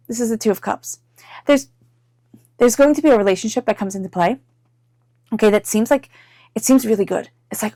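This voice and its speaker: A woman giving an intuitive tarot reading in a chatty, animated way, full of "like" fillers, sometimes acting out inner voices. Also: mid-range voice, a little fast, no room sound, clean studio sound. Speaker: tarot reader.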